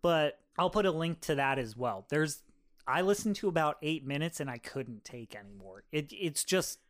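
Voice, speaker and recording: Brief: young man, slightly higher voice, swearing, casual podcast storyteller. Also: animated, normal speed, dry recording, clean studio sound. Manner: loose, profane storytelling with laughs. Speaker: podcast co-host. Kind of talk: casual chat.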